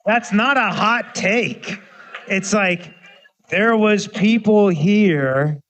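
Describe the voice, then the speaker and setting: High-voiced man ranting on a livestream. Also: very slow. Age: 30s. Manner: animated, ranting, profane, swings between loud and muttered. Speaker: musician hosting a livestream. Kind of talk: casual livestream rant.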